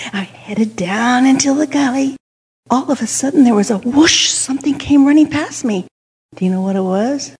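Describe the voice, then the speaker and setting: An older woman telling a childhood story with a lesson, animated and dropping to hushed whispers for suspense. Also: a little high, breathy edge. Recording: long hall reverb.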